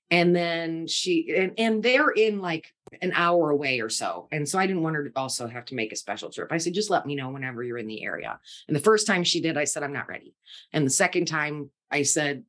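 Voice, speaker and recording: Podcast guest: a middle-aged woman, candid and tender, with a fairly low voice for a woman. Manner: tender, candid, acts out quoted speech. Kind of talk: emotional personal storytelling.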